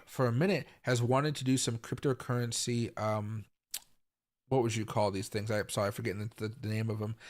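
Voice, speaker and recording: A young adult man from the US Pacific Northwest hosts a live crypto market stream in casual, rambling commentary, full of fillers and repeats, with sudden loud outbursts. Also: mid-range voice. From Tacoma, Washington, US. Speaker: crypto market livestream host.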